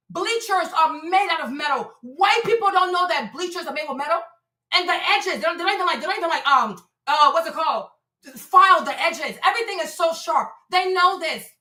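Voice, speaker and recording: Lady ranting on her stream, lots of repeats and stammers, echoey room, bright sharp voice. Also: extremely high pitch. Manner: emphatic and repetitive, stammers on restarts. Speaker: livestream host; mother. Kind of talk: heated livestream commentary.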